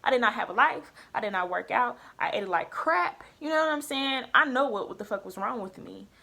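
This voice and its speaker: Brisk and gravelly, with a voice on the high side, a young woman studying nursing retells her story with plenty of profanity. Her casual chat is candid and animated.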